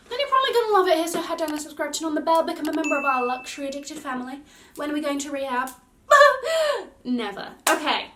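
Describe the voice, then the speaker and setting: A young British woman giving a gushing, excitable unboxing chat as a fashion vlogger, recorded with roomy echo from a distance. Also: high-pitched.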